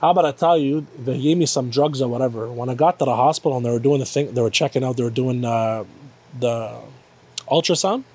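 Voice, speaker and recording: A man's voice: mid-range voice, a little fast, darkish tone, husky. A man in casual chat, telling a story with lots of swearing and acted-out quotes.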